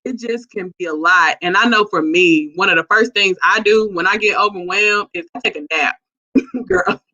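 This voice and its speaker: A woman guest chatting casually, slangy and animated as she tells stories. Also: mid-range voice, moderate pace. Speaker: guest entrepreneur. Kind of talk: casual chat. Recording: dull lo-fi sound.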